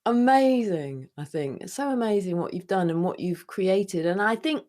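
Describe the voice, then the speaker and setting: A woman's voice: mid-range voice, animated, moderate pace, warm tone. A woman from Birmingham with a Birmingham accent, hosting a podcast interview in an effusive, enthusiastic way. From Birmingham, England. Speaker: podcast host. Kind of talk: casual interview chat.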